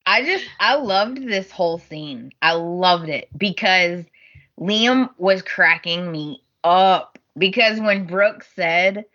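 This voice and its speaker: Speaking slowly in a mid-range voice, this woman co-hosts a podcast recapping a soap opera in casual chat. She gets animated, laughs a lot and performs the characters' lines. The lo-fi recording sounds dull.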